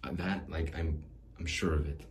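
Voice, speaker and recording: Guy with a super deep voice rambling solo on his podcast, self-deprecating and wistful, roomy echo and faint hiss. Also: steady tone, moderate pace. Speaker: podcast host. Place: small home studio.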